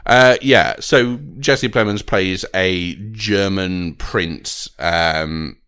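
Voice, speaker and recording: Male podcast co-host, low voice, dry wit, strong opinions, casual delivery. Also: very slow, a bit bright, smooth. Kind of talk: casual film-review chat.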